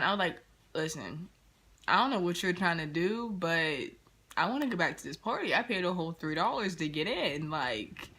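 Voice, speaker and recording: Young woman vlogger, animated slangy storyteller, bright tone. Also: on the low side, brisk. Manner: animated, slangy retelling with quoted dialogue. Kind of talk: casual storytime. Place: indoors near a street, car noise outside.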